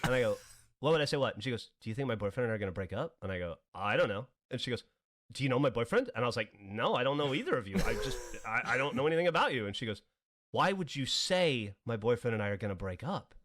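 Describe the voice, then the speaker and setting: Male podcaster in his forties, animated yarn-spinner, swings up and down in pitch. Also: quick pace. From American South. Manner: animated, laughing, swearing, acts out quoted people. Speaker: podcast co-host. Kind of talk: casual storytelling.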